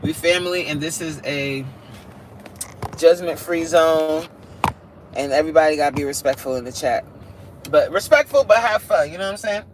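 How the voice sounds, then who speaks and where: A woman's voice: sits low, moderate pace, long pauses. A woman from New York hosting a live stream from her car, chatting casually in slangy talk and laughing often. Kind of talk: casual chat while driving. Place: inside a car in snowy weather. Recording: loud car road noise. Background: vehicle engine and road noise.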